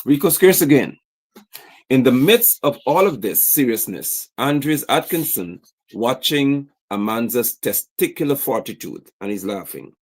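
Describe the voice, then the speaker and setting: A man's voice: medium pitch, very animated, measured pace. A man giving livestream political commentary, indignantly reading posts aloud and firing off rhetorical questions. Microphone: streaming setup mic.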